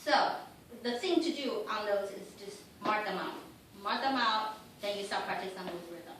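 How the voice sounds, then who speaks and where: A woman's voice: mid-range voice, normal speed, fairly bright tone, distant mic, slight background noise. Woman piano teacher singing rhythms in an echoey room. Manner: sings rhythms and counts aloud with syllables; encouraging, gives short commands while the student plays. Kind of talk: one-on-one piano lesson coaching.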